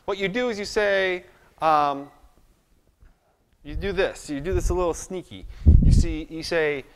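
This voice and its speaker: Chatty math lecturer in a reverberant hall. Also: male voice, on the high side, a little slow, clear, resonant tone. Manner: chatty, self-deprecating, thinks aloud at the board. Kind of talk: live classroom lecture.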